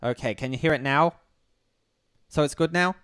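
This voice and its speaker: A man hosts a casual livestream with a fairly bright, smooth voice pitched a little high. He speaks bluntly and sardonically, swears freely, and halts often to restart his sentences.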